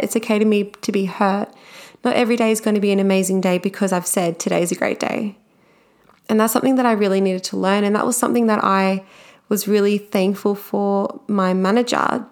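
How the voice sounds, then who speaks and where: Chatty young woman telling a personal story. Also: medium pitch. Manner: chatty and candid, with frequent fillers.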